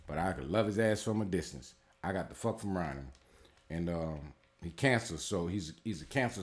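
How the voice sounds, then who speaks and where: A man's voice: low voice, darkish tone. A man in a casual spiritual advice talk as a tarot reader, blunt and heavily profane, rambling and repeating himself with lots of fillers.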